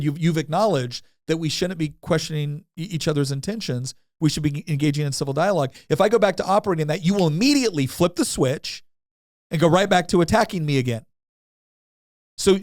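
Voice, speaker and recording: A man co-hosting a political podcast, telling stories in a casual, animated way and mimicking opponents. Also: high-pitched, no room sound, studio quality. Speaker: podcast co-host, state legislator.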